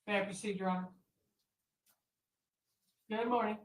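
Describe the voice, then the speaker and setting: A woman attorney questioning a witness in a courtroom, asking deliberate, leading questions. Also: mid-range voice, slight background noise. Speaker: defense attorney. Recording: echoey courtroom audio from far mic.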